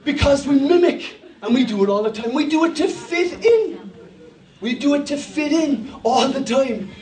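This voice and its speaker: A middle-aged Irish man with a Cork accent, preaching a sermon and telling lively stories to his congregation. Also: very high voice, moderate pace. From Ireland. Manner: lively storytelling with audience participation. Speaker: pastor. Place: church hall. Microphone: handheld microphone. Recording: echoey hall, voice from far off.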